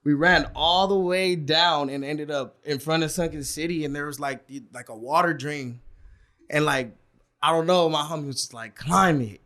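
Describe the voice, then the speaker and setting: A young man from San Pedro, California, telling a story in slangy casual chat, animated and full of "bro" and "like". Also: a little high, moderate pace. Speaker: podcast guest.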